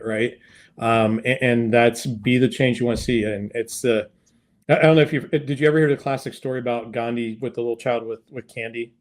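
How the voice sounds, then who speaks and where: A man's voice: medium pitch, brisk. Rambling man telling a story. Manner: rambling with many restarts and fillers. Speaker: podcast guest, sales consultant. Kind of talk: casual interview storytelling.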